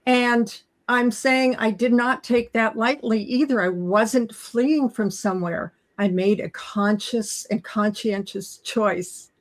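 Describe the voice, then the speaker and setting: A woman's voice: on the high side, slow, hardly any pauses, reverberant. A woman in her fifties from Canada, speaking earnestly and emotionally as a guest. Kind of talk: heartfelt personal talk.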